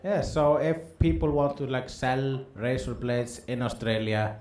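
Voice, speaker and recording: A man, co-hosting a casual comedic chat with dry, deadpan jokes. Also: mid-range voice, a little slow, slight background noise. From Iceland. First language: Icelandic. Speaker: podcast co-host. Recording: roomy echo.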